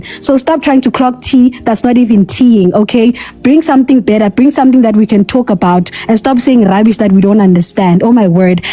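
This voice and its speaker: This woman argues on a live-stream panel in a combative, scolding way, with sassy slang. Her voice sits a little high but sounds mellow and warm rather than bright. She comes through a phone mic. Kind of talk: heated live-stream debate.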